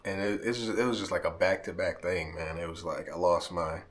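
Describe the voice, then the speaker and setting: A man's voice: sits low, fairly even intonation, a little fast. A man vlogging straight to camera, talking heartfelt and emotional to his friends, near tears and often tagging lines with "man". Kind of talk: emotional direct-to-camera vlog.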